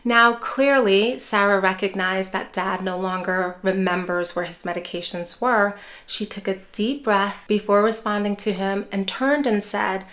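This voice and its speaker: Woman, dementia care educator, calm measured delivery, reassuring, clear teaching tone. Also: mid-range voice. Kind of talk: scripted educational talk to camera.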